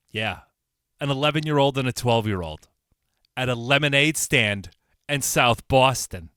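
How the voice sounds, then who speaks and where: A man's voice: medium pitch, dry recording, clean studio sound. A man from Connecticut hosting a casual solo podcast, talking bluntly with plenty of swearing and repetition. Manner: blunt, animated, swears and repeats himself. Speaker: podcast host.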